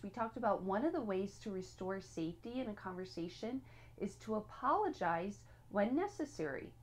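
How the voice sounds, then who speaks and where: A woman talks through a parenting lesson in an easygoing, conversational way. She is earnest and direct, and she owns up to her mistakes as she goes. Her voice sits at a medium pitch. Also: darkish tone. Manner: earnest and direct, gives homework, admits own slips. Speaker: parenting teacher. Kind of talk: casual spoken lesson.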